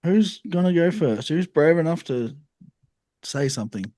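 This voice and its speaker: Dry, teasing co-host with an animated voice. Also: male voice, fairly high pitch, normal speed. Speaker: podcast co-host. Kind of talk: casual chat.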